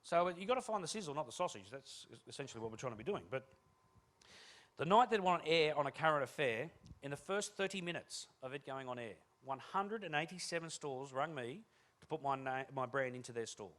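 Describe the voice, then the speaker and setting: A man giving a humorous keynote talk on stage, telling energetic, joking stories to an audience. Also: mid-range voice, fairly quick. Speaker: keynote speaker.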